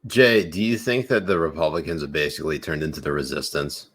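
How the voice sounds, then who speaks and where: A man's voice: extremely low pitch, fairly even intonation, brisk, a bit bright, husky. A man hosting a podcast, asking his guests questions in a casual chat. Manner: asks questions, moderating. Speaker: host.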